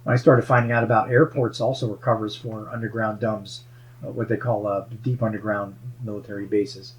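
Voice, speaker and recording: A man's voice: on the low side, level tone, a little fast, rough recording. A man musing about hidden bases and strange sightings in a wandering, conspiratorial way. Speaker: paranormal investigator, show regular. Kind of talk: casual chat.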